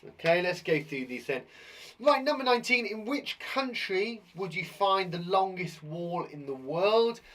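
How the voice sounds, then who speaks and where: Lively man hosting a kids' quiz. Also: high voice. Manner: enthusiastic, jokey, chatty. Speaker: teacher and host of a children's show. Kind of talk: live children's quiz show.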